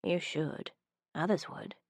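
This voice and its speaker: A woman voicing a low, murmuring rogue. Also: slow pace, no room sound, lightly acted. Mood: seductive.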